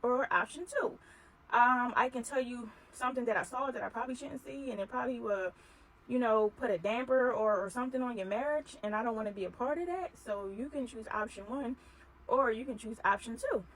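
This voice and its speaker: A woman telling a personal story in casual chat, acting out the dialogue with animated energy. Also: on the high side, a little fast, poor audio.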